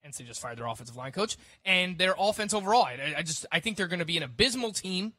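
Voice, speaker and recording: A man breaking down football news on a casual fantasy sports radio show, chatty and quick. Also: high voice, lively intonation, pushed and bright, no room sound. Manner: quick, chatty analysis with restarts and laughs.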